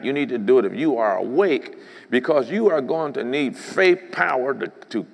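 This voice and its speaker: A man's voice: mid-range voice, gravelly, a bit bright. A man preaching a sermon as a bishop, emphatic and rhythmic, often breaking in with "praise the Lord.". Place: church sanctuary. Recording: long hall reverb.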